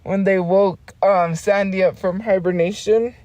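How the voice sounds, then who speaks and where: Slow mellow rambling woman streamer. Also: medium pitch, steady tone, no echo, dull audio. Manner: rambling, laughing, trails off and restarts. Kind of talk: casual livestream chat.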